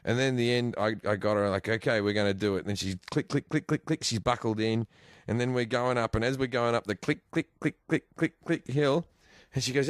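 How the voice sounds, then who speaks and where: A man with an Australian accent, a comedian telling crude, animated stories in a casual podcast chat. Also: medium pitch, a little fast, no echo. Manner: animated, crude jokey storytelling. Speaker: guest comedian.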